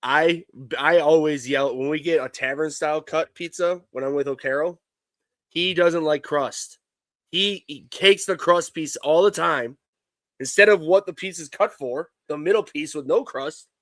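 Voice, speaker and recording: A man's voice: fairly high pitch, moderate pace, a bit bright, no echo. A man in his thirties, co-hosting a live sports stream, telling stories in a rambling way with many restarts. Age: 30s. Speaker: co-host. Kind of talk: casual live-stream banter.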